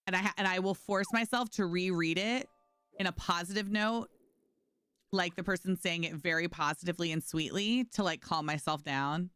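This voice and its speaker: A woman's voice: lowish voice, normal speed, fairly bright tone, clean tone, dry recording, clean studio sound, soft background music. Chatty sarcastic woman streamer from New York. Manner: chatty, sarcastic, reads chat aloud and answers it. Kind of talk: casual chat with stream chat while gaming.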